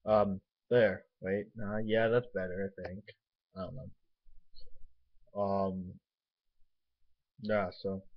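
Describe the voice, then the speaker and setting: A young man with a low, husky voice rambles offhandedly to his webcam at home, swearing as he goes. He is getting over a nosebleed, and the recording is dull and lo-fi. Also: level tone, a little slow. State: recovering from a nosebleed, tastes blood. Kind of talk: casual rambling vlog.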